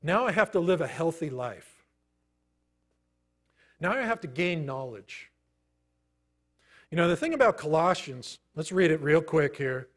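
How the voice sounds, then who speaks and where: A middle-aged man preaching a sermon, telling a personal story in a conversational way with many pauses. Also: on the high side, expressive. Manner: storytelling, conversational, pausing often. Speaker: pastor.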